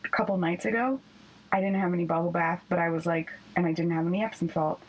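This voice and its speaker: A woman's voice: on the low side, fairly even intonation, fast, highs cut off. A woman co-hosting a podcast, telling candid personal stories in casual chat. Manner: chatty, candid storyteller. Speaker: podcast co-host.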